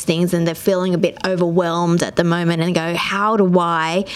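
Woman, lowish voice, podcast interviewer, measured and thoughtful. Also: level tone, clear, resonant tone. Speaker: interviewer, operations director.

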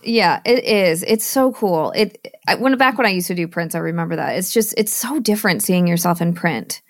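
A woman's voice: lowish voice, animated, moderate pace, dry recording. Upbeat woman podcast host, dry sound. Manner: upbeat, affirming interviewer. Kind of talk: conversational interview.

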